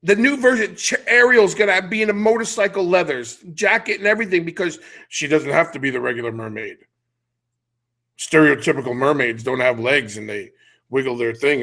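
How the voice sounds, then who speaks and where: A man's voice: fairly high pitch, fairly quick, bright, forceful tone. A middle-aged man hosting a podcast, ranting bluntly and animatedly in casual chat. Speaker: podcast host.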